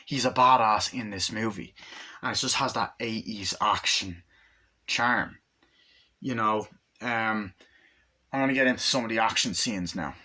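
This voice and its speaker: A man casually reviewing an action movie, rambling with excitement and swearing a lot. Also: lowish voice, unhurried, long pauses. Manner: excited, profane, rambling, acts out scenes.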